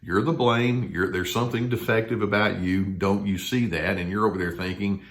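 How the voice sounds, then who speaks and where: An older man, a therapist, talking to camera in a conversational way and acting out quoted lines in a higher voice. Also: fairly even intonation, normal speed, few pauses. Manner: conversational, acts out quoted voices with rising pitch. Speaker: therapist giving a talk. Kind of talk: explanatory talk to camera.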